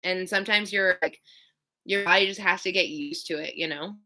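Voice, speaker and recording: A woman's voice: on the low side, moderate pace, pushed and bright. A woman in her thirties hosting a casual live question-and-answer chat, talking loosely with lots of "like" and "um". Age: 30s. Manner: chatty, many "like" and "um" fillers. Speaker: skating channel host.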